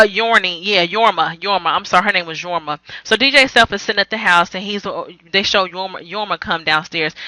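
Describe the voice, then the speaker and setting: A woman's voice: fairly low pitch, bright, forceful tone, no echo, low-quality recording. A woman recapping a reality TV episode on her vlog, blunt and profane, rambling and correcting herself as she goes. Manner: blunt, profane, sassy commentary; rambling with frequent self-corrections. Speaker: TV recap vlogger.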